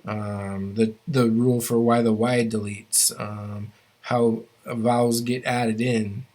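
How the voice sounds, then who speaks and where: A man's voice: mid-range voice, flat delivery, slow pace, darkish tone. A man teaching a language class, explaining grammar rules step by step and often stopping to restart his phrases.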